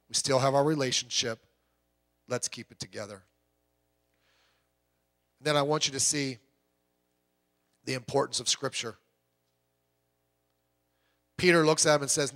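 A man's voice: medium pitch, a bit bright. A middle-aged man preaching a sermon in a folksy, joking, conversational way.

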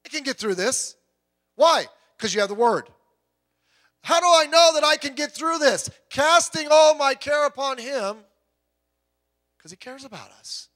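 A man's voice: extremely high pitch, lively intonation, unhurried, pauses often, a bit bright. A middle-aged man preaching a sermon in a folksy, joking, conversational way.

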